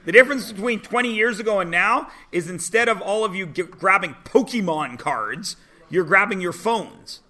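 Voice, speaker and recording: A man in his forties, a high school English teacher, talking to his class in an animated, sarcastic, joking way. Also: moderate pace. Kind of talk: classroom talk.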